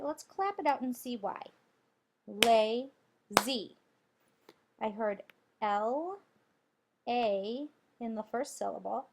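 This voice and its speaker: Patient woman teaching spelling slowly. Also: on the high side, darkish tone. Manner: slow, patient, sounds out letters and syllables. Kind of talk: spelling lesson for children.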